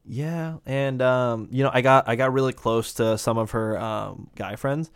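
A man's voice: mid-range voice, unhurried, clean tone, dry recording, clean studio sound. A man from the United States co-hosting a podcast, telling stories in a rambling, joking way and laughing often. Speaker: podcast co-host. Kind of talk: casual storytelling chat.

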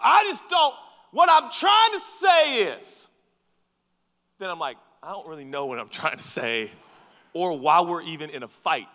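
Animated male preacher in a reverberant hall. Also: fairly high pitch. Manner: animated, acts out quoted voices, swings from soft to loud. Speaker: pastor. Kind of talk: sermon. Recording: long reverb from a large hall.

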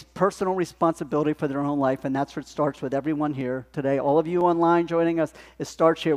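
A male pastor delivers a sermon in a chatty, storytelling way. His voice sits somewhat high for a man. A long church reverb trails after his words. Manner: conversational, animated storytelling. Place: church sanctuary.

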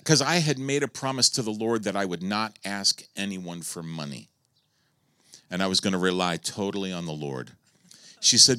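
Male pastor preaching, bright forceful tone, dry close sound. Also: sits low, normal speed, clean tone, no room sound. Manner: animated storytelling, swinging between loud exclamations and soft asides. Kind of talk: sermon storytelling.

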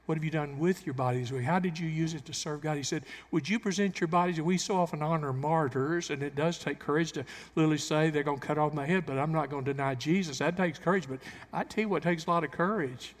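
A pastor preaching a sermon in a church, swinging into loud emphatic bursts and acting out the quotes he cites. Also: fairly high pitch. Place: church sanctuary. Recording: long hall reverb.

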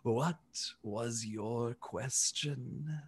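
A man voicing an excitable elephant-like male alien who speaks slowly and softly, with pauses. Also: medium pitch, slightly rough. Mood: gentle, earnest. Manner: slow, hesitant, soft-spoken.

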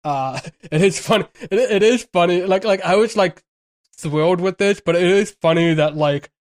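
A man's voice: high-pitched, normal speed. A man co-hosting a podcast, discussing a film in a casual, rambling way with many restarts and fillers. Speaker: podcast co-host.

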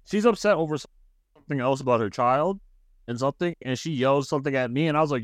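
A man's voice: mid-range voice, no room sound, studio quality. A man co-hosting a casual podcast who laughs a lot and tells loose stories from work. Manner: laughs often, quick reactions, loose storytelling. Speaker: podcast co-host. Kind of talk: casual chat.

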